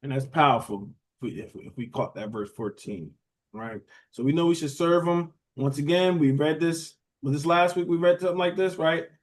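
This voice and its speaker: A man's voice: fairly high pitch, moderate pace. Man preaching in a conversational style. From United States. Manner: conversational preaching, asks the room questions and says "beloved". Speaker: teacher preaching a Bible study. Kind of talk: sermon.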